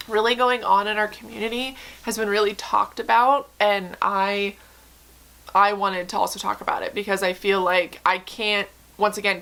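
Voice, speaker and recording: A young woman with a bright, forward voice talks straight to camera in a candid, casual way. She speaks earnestly and emotionally, with lots of "um" and "like" and the odd swear word. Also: mid-range voice. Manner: earnest, emotional, many fillers and profanity. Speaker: book vlogger.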